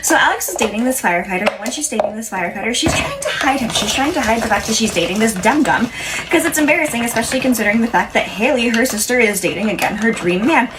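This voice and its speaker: A woman's voice: fairly high pitch, expressive, fast talker, noisy background. A young woman chatting casually to camera, recapping TV episodes in a rambling, opinionated way with frequent restarts. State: has the hiccups. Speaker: pop culture commentator.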